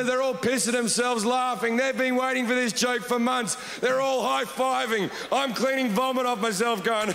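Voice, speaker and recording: A man telling a stand-up story on stage, deadpan with sudden shouted outbursts. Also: very high voice, normal speed, creaky, few pauses. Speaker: stand-up comedian. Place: large comedy hall with audience. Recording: reverberant hall, noisy crowd.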